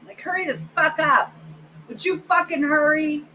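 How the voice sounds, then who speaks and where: A woman's voice: sits high, steady tone, unhurried, bright, forceful tone, a little hiss or hum, poor audio. A woman giving blunt, sarcastic, profane reaction commentary over video clips as host of her channel.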